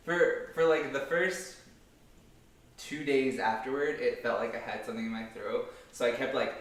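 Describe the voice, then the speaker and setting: A man's voice: mid-range voice, normal speed. A young man, a guest cook, chatting casually in a laid-back, wry way. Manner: laid-back, wry, laughs at own stories. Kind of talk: casual chat. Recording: echoey kitchen, mic far off.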